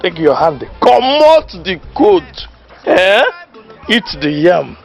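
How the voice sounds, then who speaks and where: A high, swooping voice of a boisterous Nigerian know-it-all, lecturing with mock authority. He laughs between his points. Soft music plays underneath. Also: big pitch swings, takes it slowly, gravelly, full character voice. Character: loud know-it-all village man giving mock lessons. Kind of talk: Nollywood comedy film acting. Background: faint background music.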